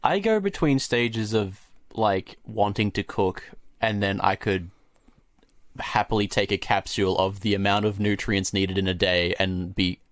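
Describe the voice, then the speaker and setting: A man's voice: on the low side, a little slow, dry recording. A young man co-hosting a podcast, chatting casually in a blunt, emphatic, profane way. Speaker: podcast co-host. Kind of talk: casual chat.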